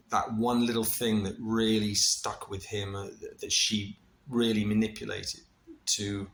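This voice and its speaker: A middle-aged man casually recounting a personal experience, animated and full of restarts, with laughter and the odd swear. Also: fairly low pitch, a little hiss or hum. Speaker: vlogger recounting a ceremony experience.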